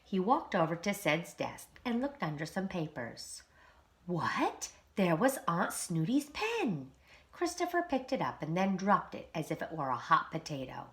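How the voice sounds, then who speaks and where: A woman, a preschool teacher, reading a children's storybook aloud in an expressive, animated way. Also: fairly low pitch, measured pace.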